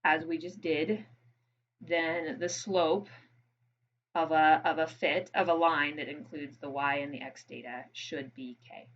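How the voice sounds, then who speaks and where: A woman with a notably low voice talks students through a lab exercise, casual and thinking aloud with ums and quick checks. The recording is a little dull, with faint room noise behind her. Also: steady tone. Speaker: physics instructor. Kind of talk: screen-recorded lab walkthrough.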